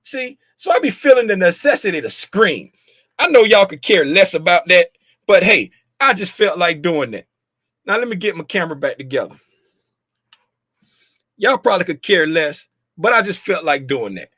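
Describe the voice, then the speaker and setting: A man hosting a casual livestream about market futures, talking loudly and playfully, joking with viewers and slipping into sing-song bits, with a desk mic about a foot away. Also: sits high, animated, moderate pace, dry recording, studio quality. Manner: playful, chatty, jokes with viewers. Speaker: host reviewing market futures.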